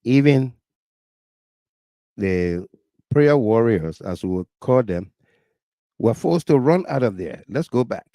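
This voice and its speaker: A man's voice: medium pitch, animated, slow pace, pauses often, warm tone, no room sound. A man with a Liberian accent hosting a talk show, commenting on video clips with urgent, indignant repetition. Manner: urgent, indignant, repeats phrases for emphasis.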